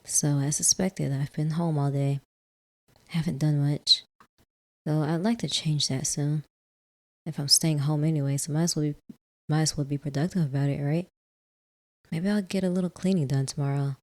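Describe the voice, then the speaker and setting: A woman hosting a let's play, reading a visual novel in the first person, softly, with casual asides. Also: low-pitched, steady tone, normal speed, long pauses.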